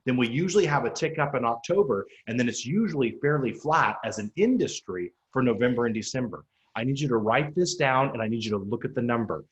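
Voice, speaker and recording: A man in his forties, a real estate coach, giving a motivational talk to agents. He speaks in punchy, emphatic lines, repeats key points for effect, and jumps high and loud when he quotes people. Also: animated, a little fast, muffled recording.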